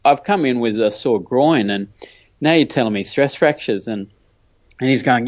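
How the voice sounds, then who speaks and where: An Australian man telling a story in casual chat, animated and laughing often, acting out the voices of people he quotes. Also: mid-range voice, moderate pace, lo-fi sound.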